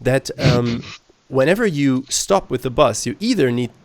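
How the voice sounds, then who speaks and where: A man's voice: mid-range voice, animated, unhurried, dry recording. Man explaining tour logistics at length. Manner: explains at length, swears casually. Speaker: tour manager. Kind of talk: casual chat.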